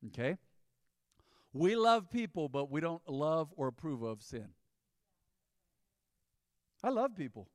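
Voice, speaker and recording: A man's voice: on the high side, sing-song, takes it slowly, pauses often, darkish tone, no echo, studio quality. A man preaching a sermon as pastor, in an emphatic, conversational style with rising bursts.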